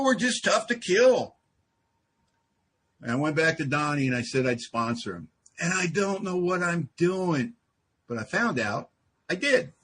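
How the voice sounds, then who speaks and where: A man giving a humorous share at a recovery meeting, an animated storyteller who acts out dialogue. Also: a little high, breathy edge. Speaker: AA speaker.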